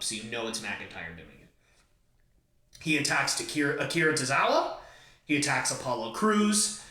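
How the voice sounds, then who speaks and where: A man's voice: a little high, pushed and bright. A man hosting a podcast, talking through wrestling fantasy booking in an enthusiastic, joking fan way. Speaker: podcast host. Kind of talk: casual fantasy-booking talk. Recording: roomy echo, far from mic.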